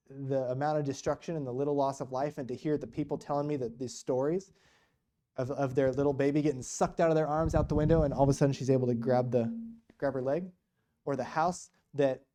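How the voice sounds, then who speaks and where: Man, church speaker, mellow voice, casual storytelling, frequent restarts. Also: medium pitch. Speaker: guest speaker on mission work.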